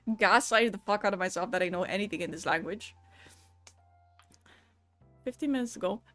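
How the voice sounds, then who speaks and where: A woman's voice: mid-range voice, moderate pace, long pauses, sharp tone, soft background music. A woman chatting casually on a live stream, laughing often, swearing now and then and switching between languages.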